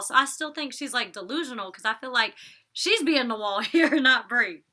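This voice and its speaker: A woman's voice: fairly high pitch, animated, normal speed, bright, forceful tone. A young woman chatting casually at home, giving an opinionated review with lots of likes, ums and laughs. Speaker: vlogger reviewing a reality show. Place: home, indoors.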